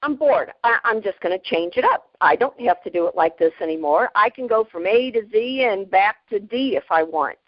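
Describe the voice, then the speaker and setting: A woman in her fifties, a podcast guest, telling stories in a lively, plainspoken way, often breaking into laughter. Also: mid-range voice, brisk, few pauses, no room sound, dull audio. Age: 50s. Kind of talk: casual storytelling.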